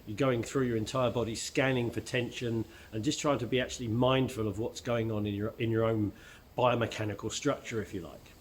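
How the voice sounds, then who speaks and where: A man with a Cockney accent talks casually to the camera as the host of his own channel. His voice is croaky because he is ill. He keeps a chatty manner, full of "uh"s and restarts, at an ordinary, middling pitch. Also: steady tone, fairly quick, a little hiss or hum. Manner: chatty, with frequent fillers and restarts. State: croaky voice from illness. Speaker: aikido instructor and channel host.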